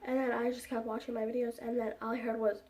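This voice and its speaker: A woman's voice: a little high, little pitch movement, fast, a little mellow, far from the mic. A young woman vlogger telling a casual storytime, rambling along with lots of "like" and fillers. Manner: rambling, heavy use of "like" and fillers.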